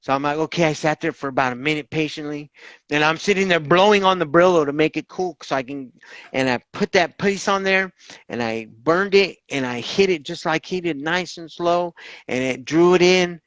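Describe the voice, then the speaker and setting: A man telling his own recovery story in an interview, animated and candid, acting out the voices of others and swearing casually. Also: fairly high pitch, normal speed, dry recording, dull audio. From Southern California.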